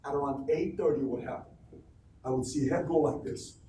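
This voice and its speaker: A man speaks to an office crowd in an animated, emphatic way, firing questions at the room. His voice sits at an ordinary pitch and echoes off the walls. It is picked up from a distance, with faint noise behind it. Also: fairly quick. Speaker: motivational speaker addressing a team. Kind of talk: live motivational talk to an office crowd. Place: office meeting space. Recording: echoey room, recorded from far off.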